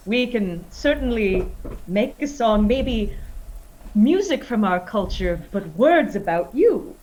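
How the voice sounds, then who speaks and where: A woman's voice: fairly high pitch, takes it slowly, rough recording. Courteous woman tabletop player. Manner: smooth, courteous flattery in character. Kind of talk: playing a character in a tabletop game.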